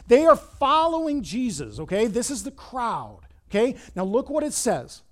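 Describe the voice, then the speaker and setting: A male preacher with a high, lively voice swooping all over the place. He tells the story emphatically, pushing loud on key lines then dropping soft. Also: moderate pace, hardly any pauses. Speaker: pastor. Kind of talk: sermon.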